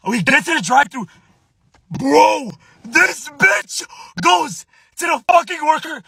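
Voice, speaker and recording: A young man telling a profane, animated storytime rant. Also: very high-pitched, moderate pace, slightly rough, no room sound. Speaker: content creator.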